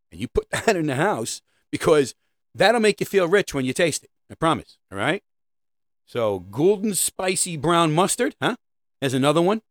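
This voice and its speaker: A man's voice: a little high, dry recording. A middle-aged man delivering a rambling, sarcastic comedic monologue about parenting. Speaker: comedic host.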